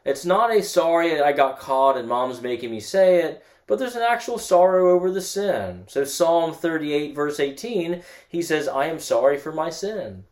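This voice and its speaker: A man's voice: fairly high pitch, lively intonation, normal speed. A man giving a casual church teaching, earnest, often repeating and restarting his words. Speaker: guest teacher.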